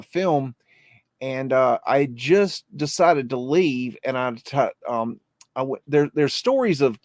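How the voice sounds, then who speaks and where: A man's voice: mid-range voice, no room sound, studio quality. A man from the United States co-hosting a casual podcast, telling a story hesitantly with many ums and restarts. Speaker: podcast co-host. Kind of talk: casual chat.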